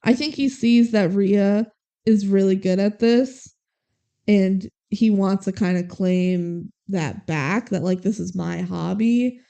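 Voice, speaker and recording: Young woman podcast co-host, lively recap, mellow tone, quotes characters as she goes. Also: medium pitch, slow pace, clean tone. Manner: animated retelling, acts out lines. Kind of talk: casual movie recap chat.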